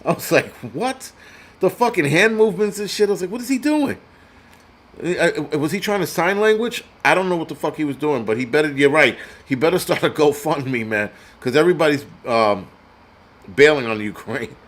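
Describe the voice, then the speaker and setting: A man's voice: on the high side, expressive, brisk, fairly bright tone. A man hosting a prepper show, ranting in crude, sarcastic live-stream commentary and reading out donor names. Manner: reads donor names aloud. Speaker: prepper channel host.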